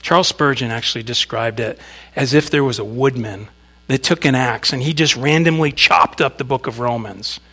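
A man's voice: mid-range voice, fairly bright tone. A man preaching a sermon, speaking conversationally to the congregation with asides and reading scripture with emphasis. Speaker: pastor.

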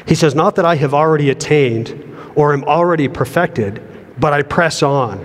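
In a church sanctuary with long hall reverb, a middle-aged pastor preaches earnestly in a fairly high voice at normal speed. He often repeats words as he builds toward a point.

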